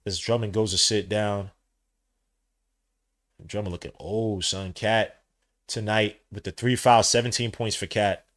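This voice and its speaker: A young man doing live watch-along commentary as a podcast host, trading muttered play-by-play for loud slangy outbursts. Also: lowish voice, steady tone, a little slow, pauses often.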